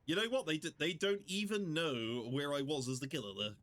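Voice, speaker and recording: A British man streaming a game, chatting casually and joking, often jumping up into high squeals. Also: a little fast, fairly bright tone, slight background noise. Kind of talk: casual gameplay commentary.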